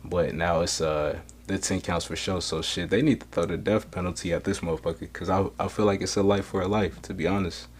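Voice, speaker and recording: Deep-voiced man, blunt profane podcast rant. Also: fairly even intonation, fairly quick, hardly any pauses, a little hiss or hum. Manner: blunt, profane street talk; rises loud when worked up. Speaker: podcast host. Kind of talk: solo podcast commentary.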